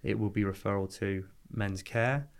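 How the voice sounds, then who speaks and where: A man's voice: fairly low pitch, gravelly. A man, a divorce lawyer talking earnestly in a podcast conversation, often restarting his sentences. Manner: earnest, halting with frequent restarts.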